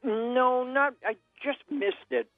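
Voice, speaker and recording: A man's voice: very high-pitched, steady tone, takes it slowly, no room sound, soft background music. An older man, calling in by phone and rambling through stories with corny one-liners. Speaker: caller. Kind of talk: phone-in chat. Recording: tinny phone line.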